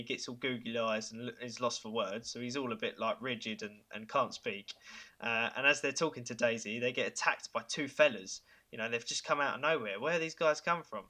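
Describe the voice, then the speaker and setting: A man hosting a casual podcast, pitching ideas with enthusiasm. His tone is bright and forward, with many halting fillers and chuckles. His pitch sits in a middle range. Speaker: podcast host.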